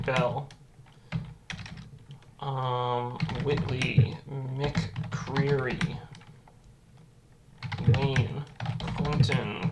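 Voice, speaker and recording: A woman quietly reciting place names from memory, correcting herself now and then and making wry asides. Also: very deep voice, heavy background noise. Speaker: geography video creator. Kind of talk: muttering recall while typing. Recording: loud keyboard clatter close to mic. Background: loud keyboard typing.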